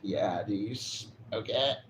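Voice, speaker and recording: A man's voice: lowish voice, slow, a bit bright. A man chatting casually on a live stream, rambling and swearing as he reacts to chat. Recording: dull lo-fi stream audio with faint noise.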